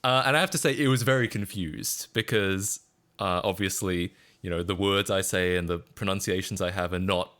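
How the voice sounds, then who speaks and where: Rambling Australian man, low voice. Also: normal speed, sharp tone. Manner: rambling, self-deprecating, chuckles often. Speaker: streamer. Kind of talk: casual live-stream chat.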